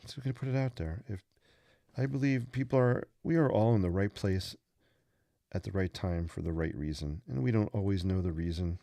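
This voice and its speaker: A man with a deep, gravelly, dark voice talks briskly while hosting a sketching livestream, rambling casually and joking as he draws and teaches. The recording is dry and of studio quality.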